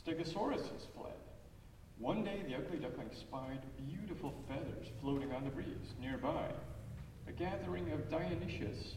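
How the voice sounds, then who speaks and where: A man reading a children's story aloud in church, expressive and lively. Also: a little high, moderate pace. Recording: echoey church hall, far off, faint noise.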